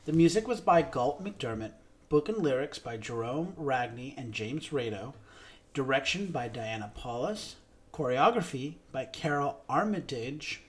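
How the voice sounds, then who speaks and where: A man co-hosting a podcast, giving a steady scripted reading of credits and a show synopsis. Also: medium pitch, a little slow. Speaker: podcast co-host.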